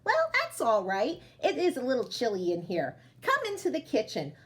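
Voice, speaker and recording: A woman's voice: a little high, wildly swooping pitch, normal speed. A woman reading a storybook aloud, voicing a kindly, hospitable 97-year-old grandmother who sees and hears poorly. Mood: cheerful hostess. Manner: fussing, hospitable, chatty.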